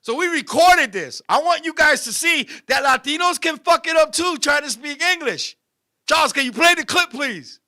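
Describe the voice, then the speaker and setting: A man with a very high, piercing, bright voice hosts a comedy talk show. He rants in an animated, profane way and breaks into laughter at his own jokes. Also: normal speed. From Puerto Rican family. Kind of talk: comedic rant with banter.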